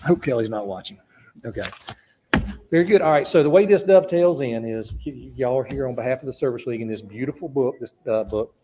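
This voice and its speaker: A man's voice: medium pitch, fast talker, warm tone. Southern georgia guy running a radio auction, jokey and chatty, drawls it out. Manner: folksy, joking, chatty. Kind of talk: live radio charity auction banter.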